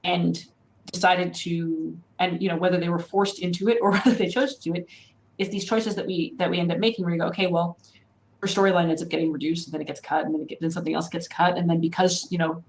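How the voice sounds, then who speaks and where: Thoughtful low-pitched woman talking on a panel. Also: level tone, fast talker, a little hiss or hum, poor audio. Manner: thoughtful, reasons step by step with many "you know"s. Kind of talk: panel discussion.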